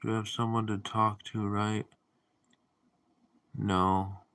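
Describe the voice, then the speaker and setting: A man hosting a casual livestream, reading viewer comments aloud and answering them in a deadpan, drowsy way. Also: lowish voice, slow pace. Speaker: livestream host.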